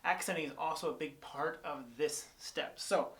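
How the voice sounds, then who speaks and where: A man's voice: fairly high pitch, fairly even intonation, moderate pace. A young man casually explaining guitar picking technique, thinking aloud with plenty of fillers and restarts, recorded on an on-camera shotgun mic. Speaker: guitar teacher. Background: guitar playing between phrases.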